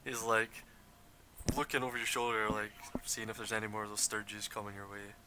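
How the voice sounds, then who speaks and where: A man's voice: lowish voice, little pitch movement, a little fast, background noise. A young man running a tabletop game as game master, describing scenes loosely with lots of fillers and laughter.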